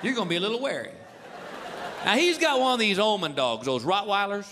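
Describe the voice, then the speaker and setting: A man's voice: high voice, big pitch swings, a little fast. A male stand-up comedian telling a long story in a folksy, drawling way. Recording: live hall reverb with noise.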